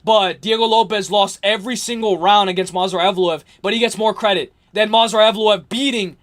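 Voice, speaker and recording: A young man hosting a livestream, ranting hard about fights, repeating himself, swearing and yelling at times. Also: sits high, fairly even intonation, a little fast. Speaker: livestream host. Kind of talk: heated livestream rant.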